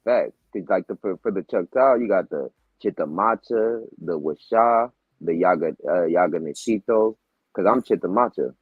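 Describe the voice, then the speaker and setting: A man speaks in a relaxed, slangy conversational way. His voice is husky and grainy. The audio is dull and lo-fi, with a dry, close sound. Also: sits low, moderate pace, dry recording. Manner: slangy, laid-back talk with laughs. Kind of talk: casual chat.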